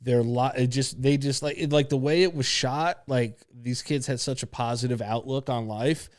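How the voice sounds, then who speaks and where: A man's voice: medium pitch, steady tone, normal speed. Man, young adult, podcast co-host, casual chat, curious, sympathetic. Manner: curious, sympathetic, asks questions.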